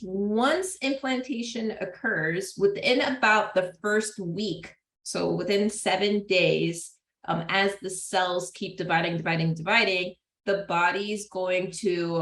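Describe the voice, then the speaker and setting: A woman's voice: on the low side, vocal fry, a bit bright. A woman giving a casual psychology lecture to a class, chatty, with frequent laughs and fillers. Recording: roomy classroom echo.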